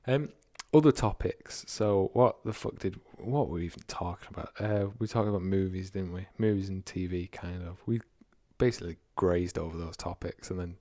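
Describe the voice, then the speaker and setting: Casting note: young guy, low voice, banter-heavy co-host, dry unroomy sound, low-budget home mic. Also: warm tone, no echo. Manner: jokey, swearing, quick to laugh, slips into silly voices. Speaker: podcast co-host. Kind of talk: casual chat. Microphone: home podcast mic, low production quality.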